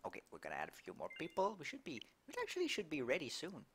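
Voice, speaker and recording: A young man from Quebec with a Québécois French accent, streaming a game live, reacting excitably and reading chat aloud with frequent laughs. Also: fairly high pitch, racing, slight background noise. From Quebec, Canada.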